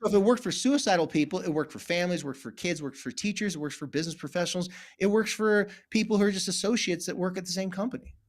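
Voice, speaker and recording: A man's voice: sits high, quick pace, hardly any pauses. A man from California, a therapist guest, telling stories animatedly in a podcast interview and acting out the voices in them. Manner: acts out voices in anecdotes, emphatic.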